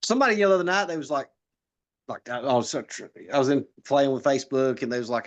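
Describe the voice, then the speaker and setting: A man talks fast and a little high, piling one story onto the next and stumbling over his own restarts. He laughs at his own punchlines. His voice comes through muffled and lo-fi. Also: lively intonation, a bit bright. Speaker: political candidate guest. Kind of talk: casual podcast chat.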